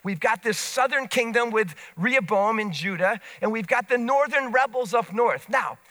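A man preaching a sermon, retelling scripture in animated storytelling with casual asides. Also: very high voice, moderate pace.

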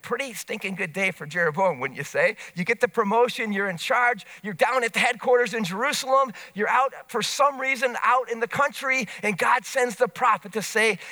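A man preaching a sermon, retelling scripture in animated storytelling with casual asides. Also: high-pitched.

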